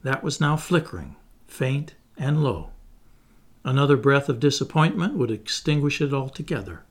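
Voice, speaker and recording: A man reading a first-person memoir aloud in a measured, solemn way. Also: mid-range voice, lively intonation, husky. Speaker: audiobook reader.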